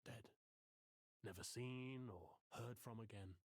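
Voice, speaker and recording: Florid, self-pitying English professor. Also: male voice, mid-range voice, slow, dry recording. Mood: brooding. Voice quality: florid, theatrical way of talking. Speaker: therapy client. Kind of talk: video game voice acting.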